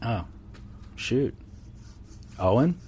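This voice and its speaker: A man's voice: medium pitch, lively intonation, extremely slow, dark tone, husky. A man co-hosting a casual podcast chat, answering in a dry, matter-of-fact way. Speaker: podcast co-host.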